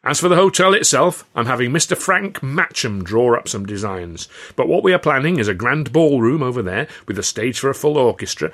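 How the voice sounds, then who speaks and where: A man voicing a grand, boastful older impresario who makes showy, booming proclamations. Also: fairly bright tone.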